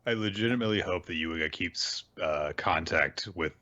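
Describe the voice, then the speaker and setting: A man's voice: low-pitched, normal speed, pushed and bright, highs cut off. A man co-hosting a podcast, chatting in a thoughtful, hesitant way. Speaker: podcast co-host. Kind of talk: casual chat.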